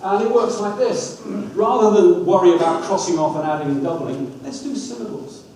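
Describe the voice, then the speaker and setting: A man giving a lively talk on dyslexia, coaxing the audience through activities with wry asides. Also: high voice, moderate pace, far from the mic. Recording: echoey hall, speaker off-mic, faint room hum.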